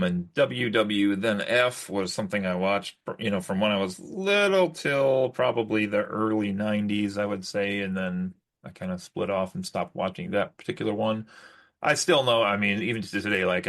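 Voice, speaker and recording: A man's voice: deep voice, moderate pace, fairly bright tone. A man co-hosting a podcast in casual chat, rambling and restarting often. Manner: rambling, with many fillers and restarts. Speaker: podcast host.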